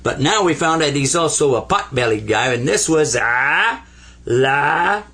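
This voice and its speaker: A man's voice: medium pitch, lively intonation, normal speed, bright, forceful tone, slightly rough. A man teaching an Arabic lesson in a folksy, playful way, drawing letters as he explains them and drawing out the sounds he drills. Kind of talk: whiteboard language lesson.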